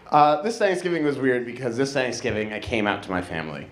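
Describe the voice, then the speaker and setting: A man's voice: medium pitch, very animated, moderate pace. A young man on stage telling stand-up stories in a dry, conversational way. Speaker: stand-up comedian. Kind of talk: stand-up storytelling. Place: live comedy stage. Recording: echoey room with background noise.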